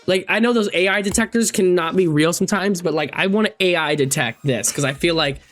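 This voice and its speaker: A man around twenty, a gaming YouTuber casually reacting to forum posts, swearing freely and swinging between loud outbursts and low mutters. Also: a little fast, soft background music. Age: 20s.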